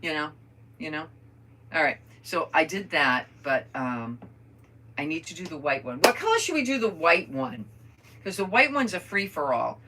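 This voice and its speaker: A woman's voice: low voice, big pitch swings, normal speed, bright, forceful tone, a little hiss or hum. An older woman chatting casually to viewers while she crafts at home, rambling through stories and talking to them as friends. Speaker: crafter vlogger.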